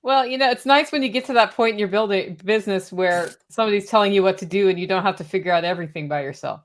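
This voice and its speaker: Woman, podcast co-host, friendly, encouraging, mid pitch. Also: quick pace. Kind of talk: casual podcast conversation.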